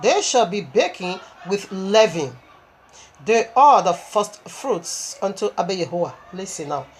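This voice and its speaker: A woman preaches, reading long scripture passages aloud and breaking into her own comments between verses. Her voice sits in a middle pitch for a woman. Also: big pitch swings, unhurried, slight background noise. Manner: reads scripture aloud, breaks off with asides and laughs.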